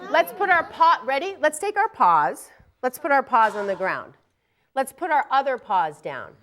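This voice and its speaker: A woman's voice: high-pitched, very animated, normal speed, a bit bright, a faint crowd. A young woman leading a children's yoga class on a TV show, playful and encouraging, singing and counting along with the kids. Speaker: kids' yoga instructor.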